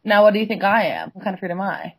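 A young woman co-hosting a podcast in casual chat, playful and teasing, firing off quick questions. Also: mid-range voice, very animated, breathy edge. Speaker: podcast co-host.

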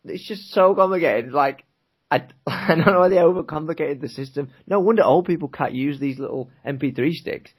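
A man's voice: on the high side, fairly quick, breathy edge. Laughing British man telling a story. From Britain. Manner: laughing, rambling anecdote-telling. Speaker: podcast co-host. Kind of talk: casual chat.

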